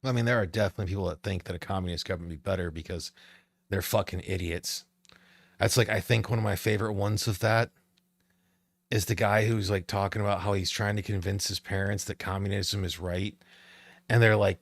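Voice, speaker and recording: Man, gravelly, low voice, dry close sound, blunt, profane, teasing podcast chat. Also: steady tone, brisk, dry recording. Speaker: podcast co-host.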